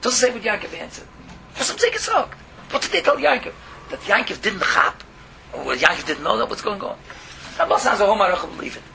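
A man's voice: sits high, a little fast, vocal fry. A man teaching a Torah lesson as a rabbi, telling stories, mixing in words and leaping up in exclamations. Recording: steady background hiss.

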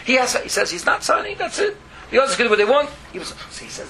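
Animated rabbi. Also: male voice, extremely high pitch, fast talker, over music. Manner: animated, mixing Yiddish words into English, voice leaping up in exclamations. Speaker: rabbi teaching a class. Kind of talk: Torah lesson with storytelling. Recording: steady background hiss.

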